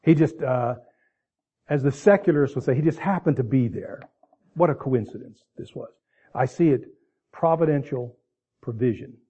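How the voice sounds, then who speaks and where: A man's voice: medium pitch, moderate pace, pauses often, mellow, husky, dull audio. A man preaching a sermon in a conversational way, with asides and restarts, ending in prayer. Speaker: pastor.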